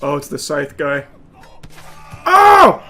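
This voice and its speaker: Man, gaming streamer, very high voice, bright edge, yelps and curses, deadpan asides. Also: slow pace, faint music behind. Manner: yelps, shouts and swears at the game, laughing; drops to low, dry asides between outbursts. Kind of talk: let's play commentary.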